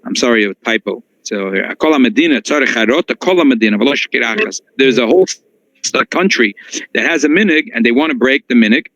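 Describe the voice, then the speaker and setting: A man's voice: quick pace, no echo. A man teaching a halacha class as a rabbi. He reads source texts aloud, explains them, and restarts his sentences often. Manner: animated, jumps high in pitch for emphasis, frequent restarts. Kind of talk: text-based Torah lesson, reading and explaining. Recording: dull lo-fi dry recording.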